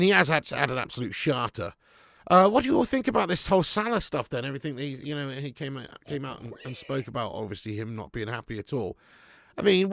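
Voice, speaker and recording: A man hosting a live football watch-along, bantering loudly, swearing and reading out chat messages on a close mic. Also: on the high side, gravelly, dry recording. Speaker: fan channel host.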